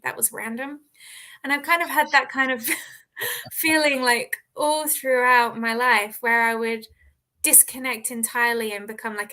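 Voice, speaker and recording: Australian woman, 30s, bubbly guest, bright and a touch high. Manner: bubbly, laughs often. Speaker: guest author. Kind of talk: casual interview chat.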